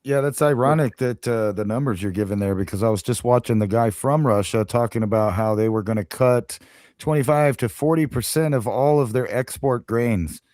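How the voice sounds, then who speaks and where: A man's voice: mid-range voice, normal speed, a little mellow, no room sound, studio quality. A man chatting casually on a live radio show, rambling with lots of hesitations and fillers.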